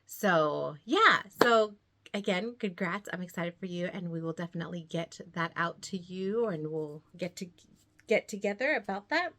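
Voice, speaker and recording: A woman's voice: fairly low pitch, animated, normal speed, a bit bright. A woman vlogging casually about her knitting, slightly out of breath, chatty and rambling with frequent laughs. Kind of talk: casual chat to camera.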